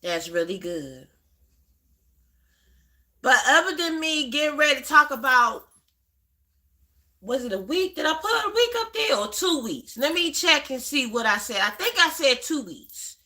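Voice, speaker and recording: Woman, middle-aged, bright, fairly high voice, chatty livestream host. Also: big pitch swings, unhurried, pauses often. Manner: chatty, greets viewers by name, repeats herself. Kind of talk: casual livestream chat.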